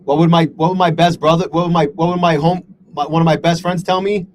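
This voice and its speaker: A man's voice: on the high side, steady tone, quick pace, a little hiss or hum, low-quality recording. A man live-streaming his day trading, talking to his chat in a frustrated, self-deprecating way and swearing a lot.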